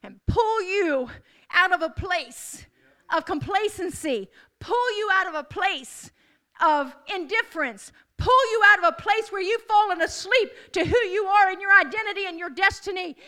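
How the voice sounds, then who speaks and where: A woman's voice: very high voice, expressive, normal speed, pushed and bright. A woman preaching a sermon to a congregation, declaring with rising emphasis and repeated calls.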